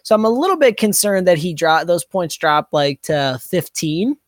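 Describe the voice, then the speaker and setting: A man co-hosts a fantasy basketball podcast in a high-pitched, very animated voice at a moderate pace, recorded with clean studio sound and no room sound. He talks casually and hesitantly, full of likes and you-knows.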